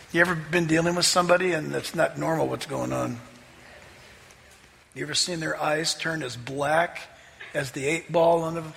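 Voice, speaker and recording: A man preaching a sermon as pastor, telling a story in an animated, emphatic way. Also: on the high side, gravelly, long reverb tail, a little hiss or hum.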